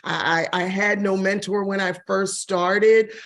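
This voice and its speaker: A woman in her forties with a gravelly, fry-tinged voice answers interview questions about her career. She is expressive and laughs easily, and her pitch rises and falls as she tells the story. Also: measured pace. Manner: expressive, laughs often, shifts pitch when quoting others. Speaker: guest, real estate broker and TV host.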